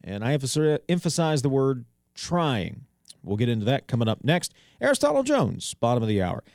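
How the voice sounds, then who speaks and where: A man's voice: medium pitch, big pitch swings, normal speed, a little mellow, no room sound. Radio guy doing local news and his own take, dead dry studio sound, lots of uhs. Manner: conversational, with frequent "uh" and restarts, wry asides. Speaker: radio talk show host. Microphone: studio microphone.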